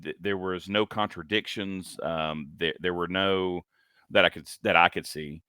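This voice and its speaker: A man in his forties co-hosts a comic podcast, chatting casually in a review format with lots of ums and restarts that make him sound hesitant. His deep voice is steady, bright and forceful, at a moderate pace. The recording is clean and dry, with clean studio sound.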